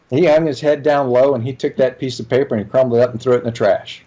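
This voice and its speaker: A man's voice: mid-range voice, steady tone, quick pace, hardly any pauses, dark tone, highs cut off. A middle-aged man, a leadership trainer, speaking as an interview guest and telling a workplace story with quoted dialogue. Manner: earnest, tells anecdotes with acted dialogue. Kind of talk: conversational storytelling.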